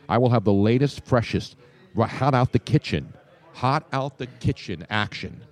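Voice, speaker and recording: A man's voice: lowish voice, darkish tone. An older man who grew up in South Philly, a sports radio host with trained neutral broadcast diction and a faint Philadelphia accent, chatting casually and animatedly on a live show. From USA, South Philly.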